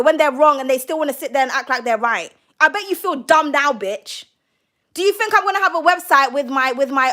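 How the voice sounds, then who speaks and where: A British woman giving a casual tarot reading, brash and profane and quick to laugh. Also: high-pitched, pushed and bright. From United Kingdom. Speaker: tarot card reader.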